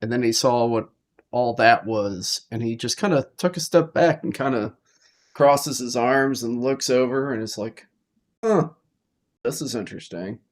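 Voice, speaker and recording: A man playing a tabletop game, slowly and calmly describing what his character does. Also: mid-range voice. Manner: slow, measured narration of his character. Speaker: player.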